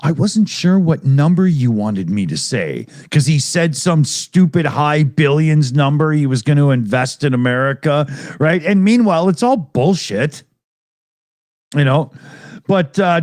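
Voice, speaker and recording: A man's voice: a little high, expressive, measured pace, no echo, studio quality. Rambling, profane man on a live stream. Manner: rambling, loose, profane, laughs often. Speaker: podcast co-host reading super chats. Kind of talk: casual live-stream chat.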